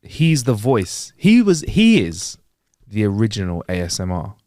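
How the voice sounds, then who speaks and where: Animated man, jokey banter. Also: lowish voice, unhurried, dry recording, clean studio sound. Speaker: podcast co-host. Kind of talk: casual chat. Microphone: wireless clip-on mic.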